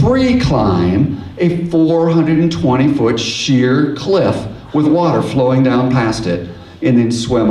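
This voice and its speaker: A man giving a lively creation science lecture, telling stories and acting out little voices as he goes. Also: a little high, slight background noise. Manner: animated storyteller who acts out little voices and hums tunes. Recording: echoey hall, voice from far off.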